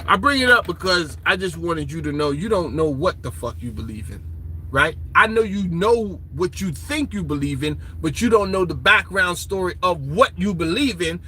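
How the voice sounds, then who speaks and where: A man's voice: sits high, animated, normal speed, sharp tone, slight background noise, low-quality recording. A man giving a profane, ranting lecture, taunting and quizzing his listeners in a confrontational way. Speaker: online lecturer.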